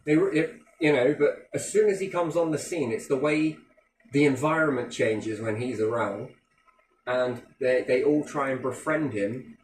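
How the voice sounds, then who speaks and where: A man's voice: medium pitch, normal speed. A man with a mid-range voice tells stories in a loose, casual chat. He is blunt and swears constantly, acting out the people he quotes. The room around him is echoey, with a faint hum beneath.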